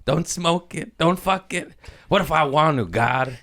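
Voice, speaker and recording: Give me a man doing a cursing, whiny inner voice that scolds, pitched up. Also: a little slow, bright, forceful tone. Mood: berating. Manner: profane, rising, whiny self-berating. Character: listener's scolding inner voice, male, harsh.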